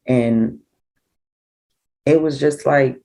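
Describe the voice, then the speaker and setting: A middle-aged woman, a grieving mother recounting events in an interview, animated and acting out what people said. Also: a bass voice, extremely slow, rough recording. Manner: animated, acts out quoted dialogue. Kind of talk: emotional personal storytelling.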